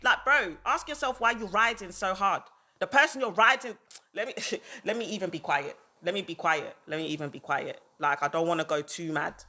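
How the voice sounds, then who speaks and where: A woman's voice: fairly low pitch, normal speed, sharp tone. A woman ranting on a livestream, heated and repetitive, hammering her points over and over. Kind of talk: livestream rant.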